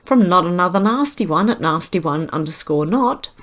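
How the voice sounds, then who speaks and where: A woman's voice: on the low side, expressive, fairly bright tone. A woman with an Australian accent, hosting her channel and reading out posts in casual, rambling commentary full of fillers and restarts. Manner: rambling, halting, with many fillers.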